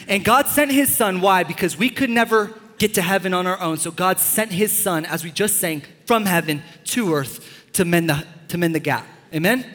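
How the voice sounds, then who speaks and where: A young man preaching a sermon as a pastor, enthusiastic and joking with sudden loud bursts. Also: high-pitched. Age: young adult. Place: large church hall. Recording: long church-hall reverb.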